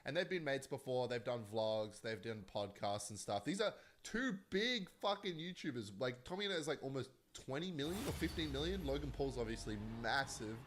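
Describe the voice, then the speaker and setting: A man hosts a casual commentary vlog in a middle-pitched voice. He rambles in an animated, chatty way and breaks into laughs as he goes. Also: normal speed, hardly any pauses, a little hiss or hum. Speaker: commentary vlogger. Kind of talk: casual online drama commentary.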